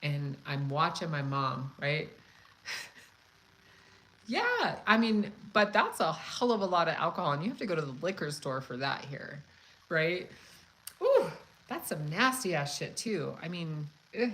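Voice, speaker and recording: Woman, cooking channel host, casual storytelling, profane, animated, lowish voice. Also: measured pace, rough recording. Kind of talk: casual live chat storytelling.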